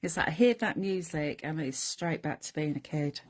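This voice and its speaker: A woman's voice: low voice, moderate pace. A middle-aged woman chattily talking through a papercraft demonstration step by step and chatting with viewers. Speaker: craft demonstrator. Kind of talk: chatty live crafting demonstration.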